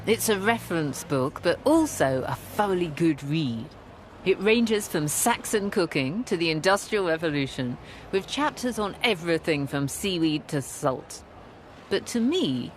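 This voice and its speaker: A woman's voice: lowish voice, normal speed, a little hiss or hum. A woman historian and curator presenting and narrating a documentary with keen enthusiasm. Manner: enthusiastic, expressive.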